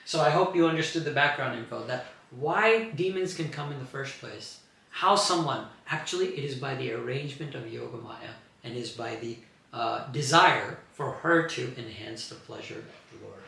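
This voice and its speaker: A man teaching a scripture class, telling the story in an explanatory, animated way. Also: mid-range voice, moderate pace, creaky. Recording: very echoey room.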